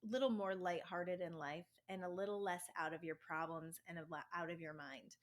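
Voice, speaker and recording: A middle-aged woman hosting a self-help podcast, telling personal stories in a chatty, upbeat way. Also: mid-range voice. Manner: chatty storytelling, animated and upbeat. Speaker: podcast host. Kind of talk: casual spiritual self-help monologue.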